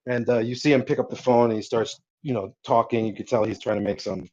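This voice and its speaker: A man's voice: medium pitch, steady tone, fast, darkish tone, muffled recording. A man narrating a tabletop game as game master, loose and rambling with lots of fillers.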